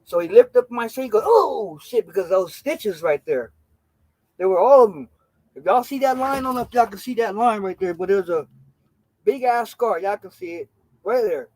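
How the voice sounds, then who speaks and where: High-voiced man telling a wild story. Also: normal speed, no room sound. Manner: animated storytelling, slangy and profane; acts out quoted people in character voices. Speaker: livestream host. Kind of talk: casual storytelling chat.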